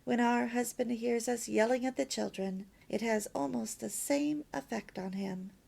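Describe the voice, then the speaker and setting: A woman's voice: fairly high pitch, moderate pace, gravelly, a little mellow. A woman reading a homemaking lesson aloud as a story, lilting and emphatic with near-whispered asides. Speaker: reader of a homemaking course.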